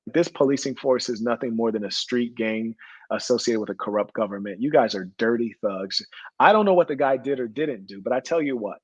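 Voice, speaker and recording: A man's voice: medium pitch, fairly quick, darkish tone, breathy edge, no room sound, muffled recording. A man telling a rambling, indignant story in slangy speech about being held in booking. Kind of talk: storytelling rant.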